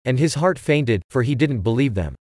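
A man giving a steady, measured scripted reading of a Bible chapter. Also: mid-range voice, no echo, studio quality. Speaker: scripture reader.

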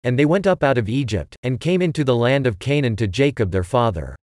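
A man giving a steady, measured scripted reading of a Bible chapter. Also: mid-range voice, dry recording, clean studio sound. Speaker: scripture reader.

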